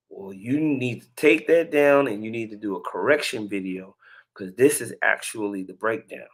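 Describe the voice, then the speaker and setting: A man's voice: fairly low pitch, moderate pace. A man hosting a religious commentary video, talking in a laid-back, slangy way with laughing asides. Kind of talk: casual commentary.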